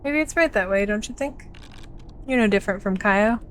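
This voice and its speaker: A woman's voice: medium pitch, expressive, normal speed, slight background noise, close to an everyday voice. Woman voicing a bitter house sparrow, scornful and curt, for a game. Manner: contemptuous, cutting.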